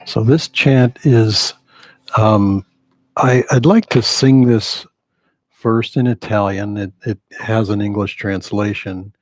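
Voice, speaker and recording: A man with a fairly low voice introduces a chant at a slow, easy pace, pausing with small fillers. The sound is dry and close. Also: dry recording. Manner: hesitant, with fillers. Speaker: kirtan leader. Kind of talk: casual spoken introduction.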